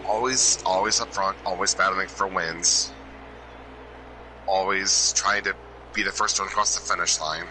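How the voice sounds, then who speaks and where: A man giving an emotional hall of fame induction speech, halting and restarting as he loses his train of thought. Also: low-pitched, fairly even intonation. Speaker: inductee presenter. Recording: loud background noise.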